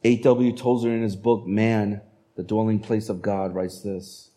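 A man preaching a sermon as a pastor, speaking in a conversational, animated way and acting out quotes. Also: fairly low pitch, measured pace.

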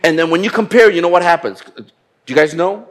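A pastor preaching a lively sermon, acting out quotes with humor. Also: male voice, on the high side, fast talker. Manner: animated, acts out quotes with humor.

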